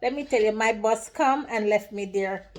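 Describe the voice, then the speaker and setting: A woman telling a personal story to her viewers in a casual vlog, lively and emotional, often saying "let me tell you". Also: mid-range voice, moderate pace. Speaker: vlogger.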